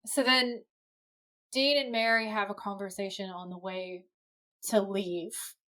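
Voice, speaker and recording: A woman co-hosting a podcast, giving a lively, casual play-by-play recap of a TV episode with the odd swear word. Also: mid-range voice, unhurried. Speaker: podcast co-host.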